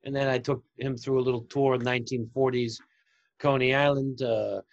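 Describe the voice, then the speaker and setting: A man, a voice actor, talking in a halting, self-deprecating way in a casual interview. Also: mid-range voice, fairly even intonation, vocal fry. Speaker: voice actor guest. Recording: dull lo-fi recording.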